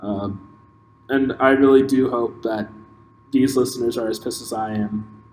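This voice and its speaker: A man's voice: medium pitch, fairly even intonation, measured pace, a little mellow. A man hosting a podcast, giving an impassioned solo opinion monologue that halts and restarts as he thinks aloud. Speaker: podcast host. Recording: echoey room with long reverb and faint noise.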